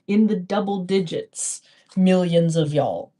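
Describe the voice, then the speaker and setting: A woman's voice: lowish voice, steady tone, measured pace, warm tone. A young woman with a Texan accent, chatting playfully on a casual live stream while she crafts and talks to her viewers. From Texas.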